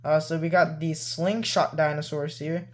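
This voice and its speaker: A man's voice: on the high side, flat delivery, normal speed. Rambling casual male collector vlogger. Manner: rambling, full of "like" and "you know"; loose and easygoing. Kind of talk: casual show-and-tell.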